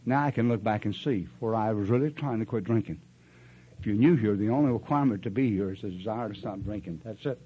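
A man's voice: lowish voice, a little mellow, husky, muffled recording. An older man sharing his story at a recovery meeting in a rambling, folksy way, acting out other people's voices. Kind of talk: storytelling share.

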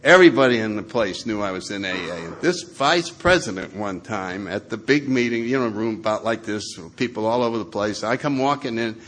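A man's voice: fairly low pitch, animated, fairly quick, hardly any pauses. A man telling funny stories at a meeting, laughing and acting out the people in them. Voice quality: laughs through his stories, does loud voices for others. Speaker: recovering alcoholic sharing at a meeting. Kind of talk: lively anecdotal storytelling.

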